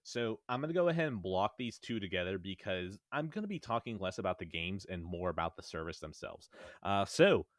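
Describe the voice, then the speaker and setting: A man's voice: deep voice, very animated, brisk, dry recording, clean studio sound. A man co-hosting a casual podcast from home, swearing a lot and ranting sarcastically. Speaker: podcast co-host. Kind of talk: casual chat. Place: at home in a bedroom.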